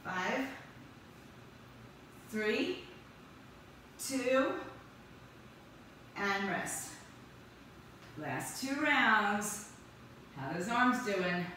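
Very animated and sharp-toned, her mid-range voice drives a live workout class as she counts and encourages the participants. She gives brisk cues with upbeat energy, captured by a distant microphone in a reverberant room carrying faint noise.

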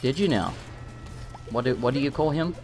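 A young English man streaming a game, chatting and reacting excitably, sometimes swearing when things go wrong. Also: mid-range voice, moderate pace, over music. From England. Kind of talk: live gameplay commentary.

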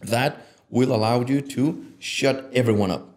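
A man speaking as a guest on a podcast, talking passionately and swearing freely, getting loud and animated when he acts out what he tells himself. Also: mid-range voice, unhurried. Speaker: podcast guest, image consultant. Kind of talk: casual conversation.

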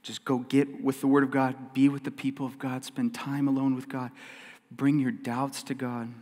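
A man preaching a sermon as pastor, earnest and emphatic, swinging between loud stresses and quiet passages and repeating key phrases. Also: medium pitch, level tone, normal speed. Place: church sanctuary. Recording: long church hall reverb.

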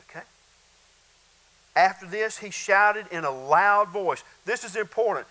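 Bright high-voiced male pastor preaching. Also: lively intonation, a little slow, long pauses, a little hiss or hum, low-quality recording. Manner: conversational preaching with bursts of shouting and laughter. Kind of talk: sermon.

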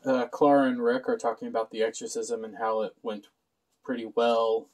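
Male reviewer, offhand sarcastic recap, mid pitch, loose and chatty. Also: level tone, normal speed, a little mellow, poor audio. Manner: sarcastic, offhand, many "uh" fillers. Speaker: show reviewer.

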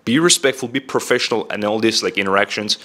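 Lower-voiced young man giving casual advice. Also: quick pace, a bit bright. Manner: direct, heavy use of "like" and "bro". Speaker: self-improvement vlogger.

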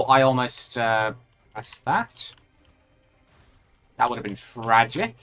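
Woman streaming a game, chatty n reactive, pitch jumps all over. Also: slow pace, long pauses, soft background music. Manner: animated, reacts aloud and chats with viewers. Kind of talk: live gameplay commentary.

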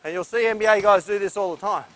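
Energetic, breathless male basketball coach. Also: high voice, quick pace, background noise. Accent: Australian. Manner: energetic, instructive, breathless from drills. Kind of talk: coaching clinic demonstration. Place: indoor basketball court.

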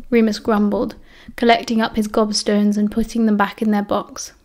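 A woman with a British accent narrating an audiobook in a steady storytelling way. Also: mid-range voice, moderate pace. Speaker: audiobook reader.

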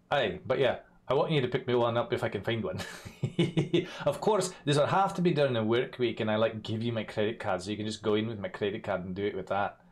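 A young man, chatting casually to viewers on a live stream, swearing and laughing, his voice often jumping loud and high.

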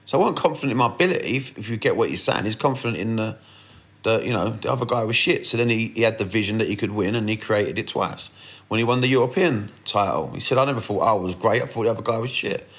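Male podcast host, lowish voice, casual, blunt and sweary with rambling restarts. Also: fast talker, fairly bright tone. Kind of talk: casual storytelling monologue.

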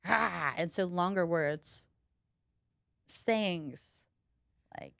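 A woman's voice: on the low side, expressive, fairly quick, no room sound, studio quality. A young woman comedian, a podcast guest, chatting playfully and laughing often. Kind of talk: casual podcast chat.

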